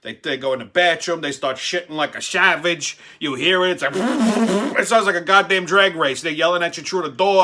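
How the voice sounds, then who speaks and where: A forties-aged show host spins a crude, profane comic tale, swearing constantly and performing the quotes. He talks at normal speed but barely pauses, his fairly high voice bright and forceful.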